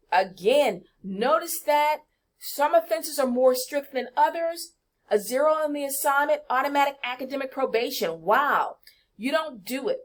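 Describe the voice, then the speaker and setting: A woman, walking students through college rules in an emphatic, chatty lesson that speaks to them directly. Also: high-pitched. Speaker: college orientation presenter. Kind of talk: screen-share walkthrough lesson.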